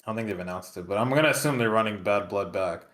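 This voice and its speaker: A man's voice: lowish voice, fast talker, fairly bright tone. A man co-hosting a casual wrestling podcast, laid-back and profane as he muses over storylines. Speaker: podcast co-host.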